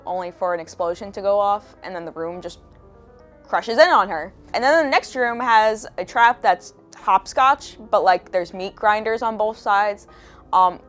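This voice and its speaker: A young woman giving a casual commentary rant as a video essayist, profane, sarcastic and exasperated. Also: mid-range voice.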